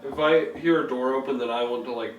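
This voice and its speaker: A man's voice: medium pitch, fairly even intonation, quick pace. A man playing in a tabletop game who talks hesitantly and stumbles over his words, recorded from a distance in an echoey room with music behind. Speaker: tabletop player.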